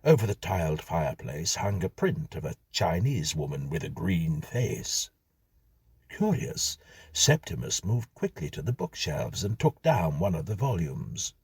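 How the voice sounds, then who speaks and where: Male narrator, deep, husky, slow, lively pitch, dry close sound. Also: no echo. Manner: measured, dryly whimsical reading. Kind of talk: scripted storytelling.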